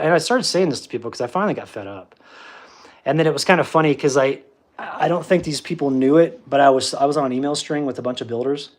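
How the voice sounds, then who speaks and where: A man telling a story on a livestream in a casual, animated way, acting out the quoted exchanges with frequent restarts. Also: a little high, quick pace. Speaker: livestream host.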